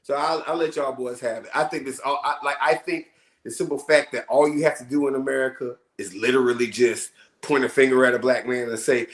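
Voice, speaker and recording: A man co-hosting a casual podcast chat, arguing in an animated way and asking rhetorical questions. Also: mid-range voice, brisk. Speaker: podcast co-host. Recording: roomy echo.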